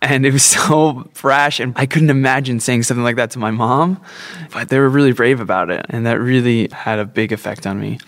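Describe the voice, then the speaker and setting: A man's voice: medium pitch, no echo. A man telling a personal story, candid and self-deprecating, chuckling now and then.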